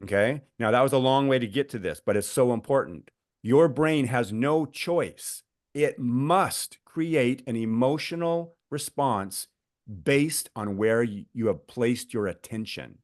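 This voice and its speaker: Middle-aged guy on a podcast, mid-pitch voice, lots of ums and restarts, dry close sound. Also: normal speed, dry recording. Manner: animated storyteller, many fillers and restarts. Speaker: guest author and coach. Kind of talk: podcast conversation, explaining.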